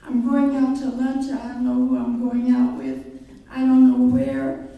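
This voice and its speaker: A woman's voice: high voice, little pitch movement, a little slow, gravelly, lo-fi sound. A woman voicing a forgetful, frantic older man complaining to his doctor in a joke, recorded from far off in an echoey room. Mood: anxious.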